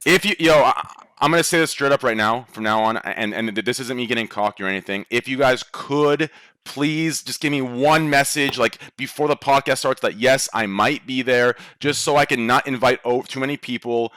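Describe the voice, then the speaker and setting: Guy running a podcast, bright voice, keeps herding everyone, dry mic. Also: medium pitch, moderate pace, dry recording. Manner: bossy, organizing, talks over others. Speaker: podcast host. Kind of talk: casual podcast chat.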